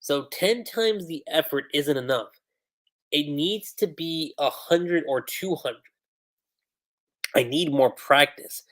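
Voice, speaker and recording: A man's voice: a little high, takes it slowly, long pauses, fairly bright tone. A man reading the lines of a determined young male navy recruit.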